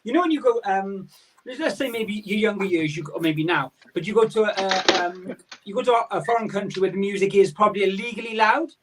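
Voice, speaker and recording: High-voiced man on a distant call mic. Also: fast talker, a bit bright, a little hiss or hum. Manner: rambling, storytelling. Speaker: guest. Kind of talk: casual chat on a video call.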